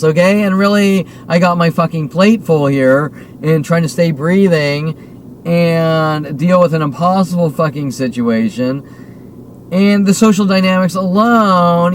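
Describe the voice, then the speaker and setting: A man's voice: a little high, slight background noise, poor audio. A man of about fifty delivering a heated, accusatory monologue, swearing often and repeating himself. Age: 50s. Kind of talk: agitated monologue rant to camera.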